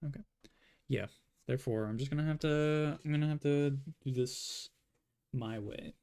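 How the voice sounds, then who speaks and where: A man's voice: medium pitch, normal speed, a little mellow, clean tone. A man talking to himself in a rambling way as he draws, giving casual commentary. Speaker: artist.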